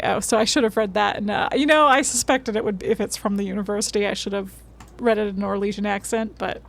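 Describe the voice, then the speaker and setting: A woman's voice: medium pitch, fairly even intonation, fast talker, gravelly, hardly any pauses. A woman streaming a video game, chatting casually and reading in-game notes aloud. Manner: chatty, laughs often, trails off.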